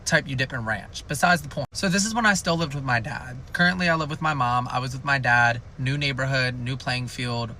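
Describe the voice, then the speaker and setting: A man's voice: mid-range voice, fairly quick, hardly any pauses, bright, forceful tone, a little hiss or hum. A young man telling a rambling, jokey storytime in a chatty way. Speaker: storytime youtuber. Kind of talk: casual storytime.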